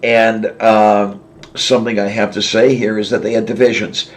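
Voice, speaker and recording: A man from southwest Pennsylvania hosting a casual livestream chat, rambling and chuckling, often trailing off softly. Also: fairly low pitch, level tone, moderate pace. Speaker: livestream host.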